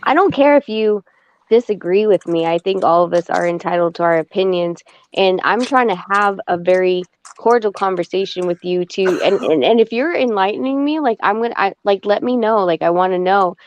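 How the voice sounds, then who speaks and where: A woman on a podcast telling a story in casual chat, animated and swearing, acting out the back-and-forth she had. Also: mid-range voice, brisk, hardly any pauses. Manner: animated, swearing, acts out quoted exchanges. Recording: dull lo-fi dry sound.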